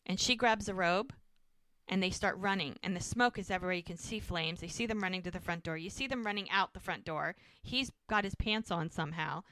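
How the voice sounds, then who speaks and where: A woman with a lowish voice, chatting casually on a podcast as she recaps a show scene by scene. She recorded close and dry, with hardly any room sound. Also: fairly quick, fairly bright tone, no echo. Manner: retells scenes with quoted dialogue. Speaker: podcast co-host.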